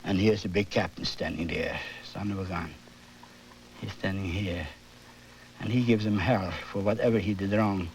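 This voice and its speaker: An older man with a German accent, teaching oil painting on his TV show, animated and often asking "you see?". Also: low voice, normal speed, low-quality recording. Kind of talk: painting demonstration. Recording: worn 1980s videotape audio with hum.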